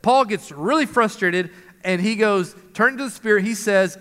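A man's voice: high-pitched, normal speed, fairly bright tone. A male pastor preaching a sermon in an earnest manner, rising for emphasis, in a church hall. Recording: long hall reverb.

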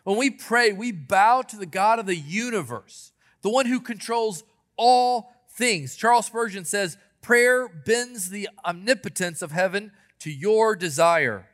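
High-voiced man preaching a sermon. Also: lively intonation, fairly bright tone. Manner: earnest preaching, quotes scripture, dramatic pauses. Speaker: pastor.

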